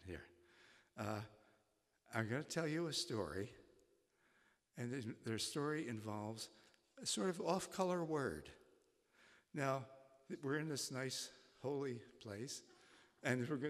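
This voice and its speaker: Halting former professor in an echoing church. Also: male voice, medium pitch. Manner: halting, with many restarts. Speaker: retired college faculty. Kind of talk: live storytelling talk. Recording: long reverb in a church.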